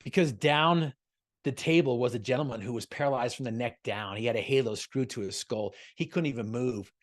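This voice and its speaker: A man's voice: mid-range voice, brisk. A man giving a motivational talk over a video call, telling a story and firing off repeated rhetorical questions. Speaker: motivational speaker guest.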